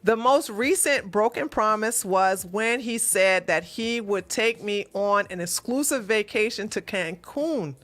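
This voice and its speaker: A woman's voice: medium pitch, expressive, a little slow, few pauses, a bit bright. A woman hosting a relationship advice livestream, reading out a viewer's question and answering bluntly with sassy, mocking remarks.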